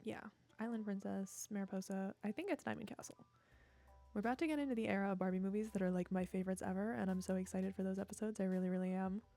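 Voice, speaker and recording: A woman's voice: mid-range voice, steady tone, fast talker, gravelly, warm tone, soft background music. A young woman streamer chatting casually with her viewers, chatty and self-mocking, often laughing at herself.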